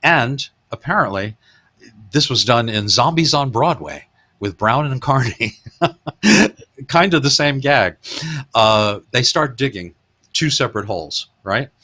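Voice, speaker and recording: A man's voice: mid-range voice, lively intonation, measured pace, pushed and bright. A man hosting a podcast, retelling film gags in a casual, chuckling way. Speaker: podcast host.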